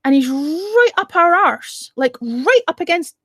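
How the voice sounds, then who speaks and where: A woman's voice: extremely high pitch, very animated, a little slow, dry recording. A woman hosting a casual live-stream chat, blunt and outspoken and swearing freely.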